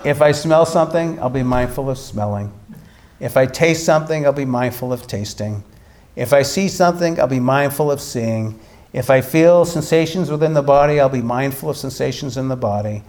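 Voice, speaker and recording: A man voicing a calm, direct elderly male meditation monk who gives slow, measured instructions in a spoken teaching. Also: medium pitch, lightly acted.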